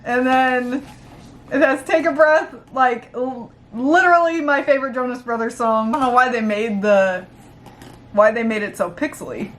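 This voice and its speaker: A young woman filming an unboxing vlog, gushing and squealing with excitement, rambling with fillers. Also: a little high, moderate pace. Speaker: vlogger.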